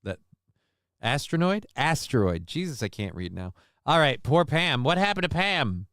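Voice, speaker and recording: Man hosting a livestream, rambling and profane, smooth voice, dry close sound. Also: a little high, very animated, moderate pace, pushed and bright, no echo. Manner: rambling, profane, sarcastic asides. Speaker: livestream host. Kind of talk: casual livestream chat reading viewer messages.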